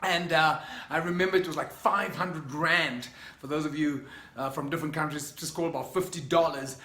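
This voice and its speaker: A man's voice: a little high, steady tone, fairly quick, bright, forceful tone. A middle-aged man with a South African accent, giving an enthusiastic, emphatic motivational talk to his vlog viewers. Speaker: motivational speaker. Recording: echoey room.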